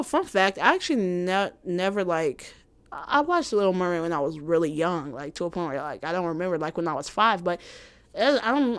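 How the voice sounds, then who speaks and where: A woman vlogger giving her opinion in a sassy, animated casual rant with laughing asides. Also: fairly low pitch, no room sound.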